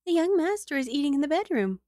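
A woman voicing a young maid who answers her mistress in a high, eager voice. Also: sing-song, quick pace, dark tone, dry recording, clean studio sound. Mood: polite.

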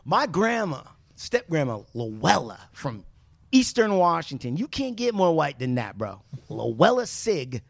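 Animated, profane man telling stories. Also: a little high, a little slow, vocal fry, no room sound. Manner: animated, profane, joking storyteller. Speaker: podcast host. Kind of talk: casual storytelling chat.

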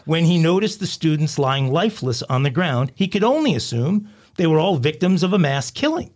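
A man's voice: a little high, big pitch swings, normal speed, a little mellow. A man co-hosting a crime podcast, reading a comic news story aloud in a mock-dramatic storytelling manner. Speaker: podcast co-host.

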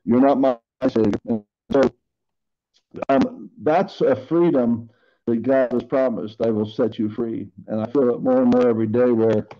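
A man's voice: medium pitch, normal speed, dull audio. A middle-aged man in earnest, rambling casual talk about faith as a podcast co-host.

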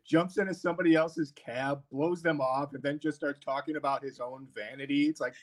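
A man with a fairly high voice, gushing about a film in casual talk with friends. He laughs easily and swears for emphasis. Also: fairly even intonation, fairly quick. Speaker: podcast co-host.

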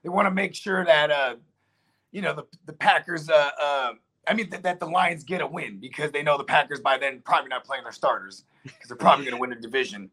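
A man co-hosting a casual sports podcast, talking in a loose, slangy, animated way and swearing freely. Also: on the high side, fairly quick, husky.

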